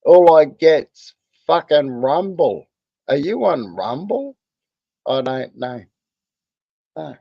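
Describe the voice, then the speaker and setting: A man's voice: on the high side, very animated, slow pace, gravelly, pauses often, no room sound, lo-fi sound. An Australian man hosting a livestream in crude, rambling casual chat, swearing constantly. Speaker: livestream host.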